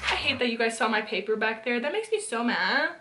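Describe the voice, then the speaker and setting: A woman's voice: a little high, expressive, fairly quick, bright, forceful tone, faint music behind. Chatty opinionated young woman vlogger. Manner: chatty, opinionated, many fillers. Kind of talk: casual commentary vlog.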